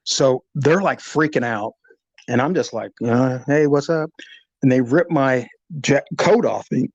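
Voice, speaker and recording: A middle-aged man, a former police officer, telling a personal story in an animated, vivid way, acting out the sounds. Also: medium pitch, unhurried, slightly rough, no room sound, lo-fi sound. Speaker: retired police officer recounting a shooting. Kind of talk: storytelling in an interview.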